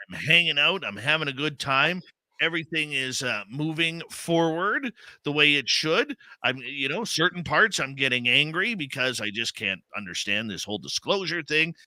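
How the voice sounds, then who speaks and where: A man hosts a talk radio show in a showy announcer style, his voice sweeping up and down with energy. The tone is piercingly bright. The recording is dry, with no room sound. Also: no echo, poor audio. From Canada. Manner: theatrical, booming announcer delivery with big pitch swings. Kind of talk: enthusiastic radio host intro and chat.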